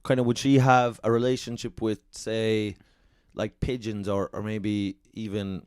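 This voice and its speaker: A man, co-hosting a podcast with dry, profane, low-key quips, recorded in a shed. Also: flat delivery, measured pace, darkish tone, smooth, no echo. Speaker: podcast co-host. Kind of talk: casual chat. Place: garden shed studio.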